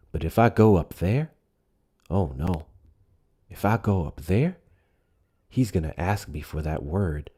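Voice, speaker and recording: A man's voice: deep voice, mellow, husky, heavily acted. A man doing a smug, stubborn bigoted voter. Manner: mocking, sing-song taunting. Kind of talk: mocking impression.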